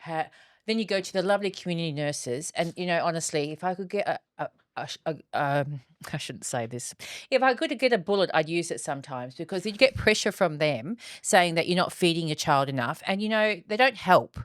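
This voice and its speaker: A woman's voice: on the low side, lively intonation, fairly quick, dry recording, clean studio sound. A woman co-hosting a casual chat podcast, speaking in an earnest, reflective way. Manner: earnest, reflective, with many restarts. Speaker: podcast co-host.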